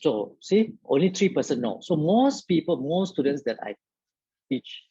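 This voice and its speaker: A man's voice: a little high, sing-song, moderate pace, dark tone, breathy edge, no echo, dull audio. A man tutoring biology in a live online lesson, talking straight to his viewers and filling his speech with "okay".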